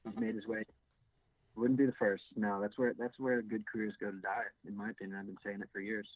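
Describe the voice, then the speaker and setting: A man's voice: on the low side, fairly quick, gravelly, dry recording. A man co-hosting a casual sports podcast, hesitant with many fillers and restarts. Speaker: podcast co-host. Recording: tinny phone-like sound.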